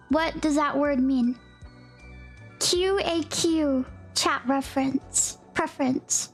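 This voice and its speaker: Young woman streamer, high bright voice, unhurried bubbly chat with her viewers, soft music underneath. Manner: bubbly, gasping and giggling, greeting chatters with howdy. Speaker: livestreamer. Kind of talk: casual livestream chat, reading chat.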